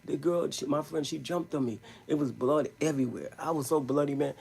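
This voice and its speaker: Gravelly man telling a rambling story. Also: on the high side, fairly quick, a little mellow. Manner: rambling, emphatic street-slang storytelling. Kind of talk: live storytelling stream.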